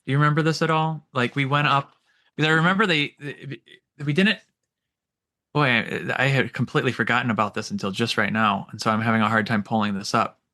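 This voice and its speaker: A man in his forties hosting a veterans' interview, halting and searching for words as he asks questions. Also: mid-range voice, steady tone, bright, forceful tone, dry recording, studio quality. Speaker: podcast host, veteran. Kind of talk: casual interview.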